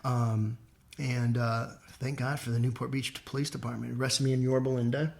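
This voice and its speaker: Animated man telling his story. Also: moderate pace, creaky. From southern California. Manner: animated, acts out remembered thoughts with sudden jumps in pitch and loudness. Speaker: guest. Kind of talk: casual interview storytelling.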